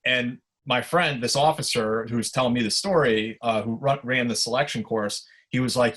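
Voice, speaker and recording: Male podcast guest, mid-pitched, loose conversational storyteller. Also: moderate pace, hardly any pauses. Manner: relaxed anecdotal telling with fillers. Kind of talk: casual storytelling.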